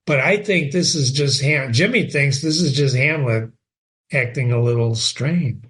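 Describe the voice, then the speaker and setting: A man's voice: mid-range voice, a little slow, fairly bright tone. A man hosting a casual read-aloud of a play, with chatty, offhand asides between passages. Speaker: host reading a play aloud.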